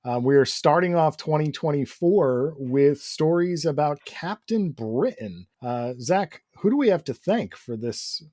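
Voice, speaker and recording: A man co-hosting a podcast in casual chat, easygoing and quick to laugh. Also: fairly high pitch, expressive, dark tone. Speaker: podcast co-host.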